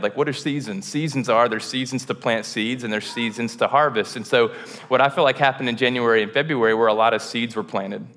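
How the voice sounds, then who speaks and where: Pastor, man, mid-pitched, loose conversational sermon, room reverb. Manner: relaxed, self-deprecating, chatty with frequent fillers and restarts. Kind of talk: casual sermon. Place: church auditorium.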